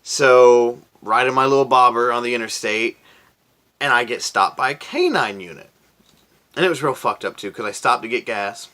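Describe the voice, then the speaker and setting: A man's voice: medium pitch, moderate pace, bright, forceful tone. A young man from Florida telling a story to camera in a casual, profane, laid-back way, often raising his voice to quote himself. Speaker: vlogger.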